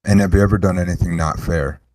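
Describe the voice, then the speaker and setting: A man's voice: low voice, quick pace. A young man hosting a casual livestream chat, swearing freely and ranting in rambling bursts. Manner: profane, rambling, animated rants. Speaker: show host.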